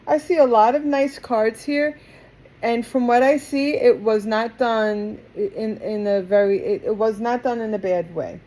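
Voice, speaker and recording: A woman's voice: a little high, a little slow, dark tone. A woman with a Queens, New York twang talks through a tarot reading. Her delivery is chatty and digressive, drifting into asides before she returns to the cards. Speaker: tarot reader. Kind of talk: casual tarot reading to camera.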